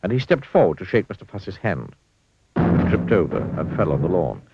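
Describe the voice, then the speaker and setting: A man with a deep, husky voice reads a children's story aloud, swooping all over his range with playful expression. The sound is dull and lo-fi and very dry, with no room in it. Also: very animated, a little fast, very noisy.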